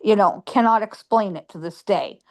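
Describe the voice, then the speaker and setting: A woman guest on a phone, telling a ghost story in a lively way and acting out her own lines. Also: medium pitch, moderate pace.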